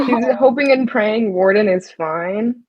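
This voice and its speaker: A woman's voice: a little high, slow pace, no echo. Giggly woman on a muffled mic. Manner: animated, giggly. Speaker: player. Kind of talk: tabletop game chat.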